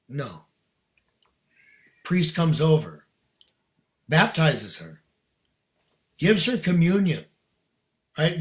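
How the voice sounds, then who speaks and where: A middle-aged man, a podcast guest, telling a personal story in casual, earnest, emphatic talk with slang. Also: on the high side.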